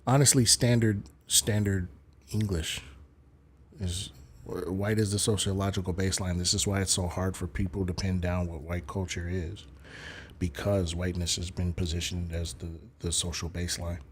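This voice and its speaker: Male streamer host, lowish voice, lectures callers with emphatic, blunt delivery. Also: level tone, moderate pace, slight background noise. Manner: lecturing, emphatic, swears casually. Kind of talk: live-stream debate commentary.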